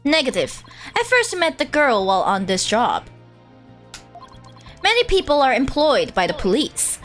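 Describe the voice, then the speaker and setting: A woman voicing a terse male bomb disposal expert who talks in a flat, robotic monotone. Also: high voice, soft background music, full character voice. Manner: slow, even monotone.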